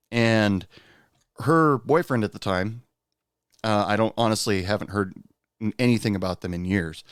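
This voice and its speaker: A man hosting a podcast, telling a personal story in a casual, rambling way with lots of pauses. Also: on the low side, clear, resonant tone, no room sound, clean studio sound. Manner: rambling, many "uh" pauses, animated when quoting. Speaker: podcast host and bartender.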